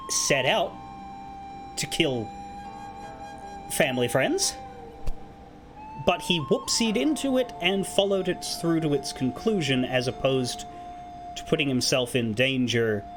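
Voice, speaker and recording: A man retelling a story to his stream in a casual, profane, animated way. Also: mid-range voice.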